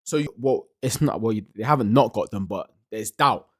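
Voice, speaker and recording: A man's voice: on the low side, normal speed, no room sound. Emphatic man reacting, dry sound. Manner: emphatic, restarts often, says "bang on" and "like". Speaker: podcast host reacting to a clip. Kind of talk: casual reaction commentary.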